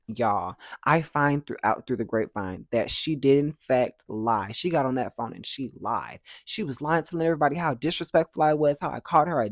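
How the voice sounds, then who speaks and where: A man's voice: mid-range voice, lively intonation, fairly quick, few pauses, dry recording, studio quality. A young man telling a story in a casual vlog, who animatedly acts out other people's dialogue. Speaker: vlogger.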